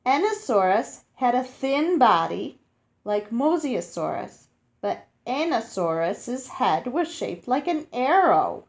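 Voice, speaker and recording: A woman's voice: fairly high pitch, very animated, slow. A woman reading a picture book aloud to children, stopping to explain words, sound out hard names and ask them questions.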